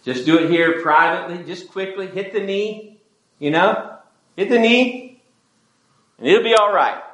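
A man voicing a furious ancient king who shouts in a high, strained voice. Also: measured pace, echoey room, poor audio. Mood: coaxing.

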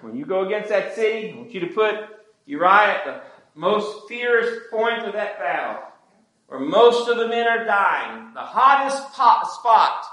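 A man's voice: high-pitched, sing-song, measured pace, pushed and bright, echoey room, pitched above the performer's own voice, exaggerated voice, rough recording. A man voicing an ancient king giving urgent, insistent secret orders. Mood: scheming.

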